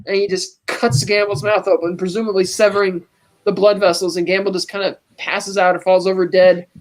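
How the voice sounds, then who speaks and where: A woman's voice: mid-range voice, fairly quick. A woman hosting a podcast, casually recapping a film scene and acting out the characters' lines. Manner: animated retelling, acting out quoted lines. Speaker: podcast host.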